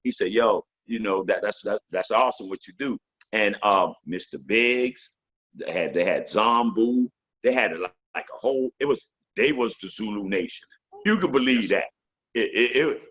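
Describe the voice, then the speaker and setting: A man's voice: fairly low pitch, lively intonation, moderate pace, a bit bright, breathy edge, lo-fi sound. A man in his fifties, a veteran MC guest in a casual interview, telling loose, profane stories and slipping into the voices of the people he quotes.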